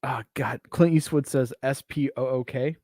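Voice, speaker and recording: A man's voice: mid-range voice, steady tone, moderate pace, darkish tone, no echo, clean studio sound. A man co-hosting a casual chat, crude and joking, often slipping into silly voices. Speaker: podcast co-host.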